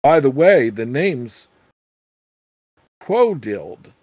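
A man's voice: medium pitch, big pitch swings, extremely slow, darkish tone, no echo, full character voice. A man voicing a crude, scheming old female witch with brash, earthy talk.

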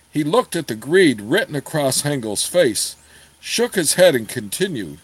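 A man's voice: fairly high pitch, unhurried, breathy edge, no echo, rough recording. Man reading a fantasy novel aloud. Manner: steady storytelling, apologizes for page turns. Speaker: audiobook reader.

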